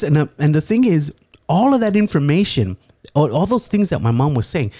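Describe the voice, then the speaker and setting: A man from California telling a story in a casual, profane way, laughing often and slipping into lively impressions. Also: a little high, fairly quick, no echo, studio quality. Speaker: guest storyteller.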